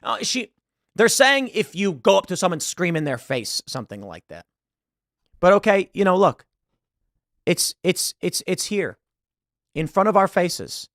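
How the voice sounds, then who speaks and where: A man's voice: high voice, big pitch swings, unhurried, long pauses, a bit bright, no echo, clean studio sound. A man giving emphatic online commentary, often repeating words as he pushes his points. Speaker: political commentator.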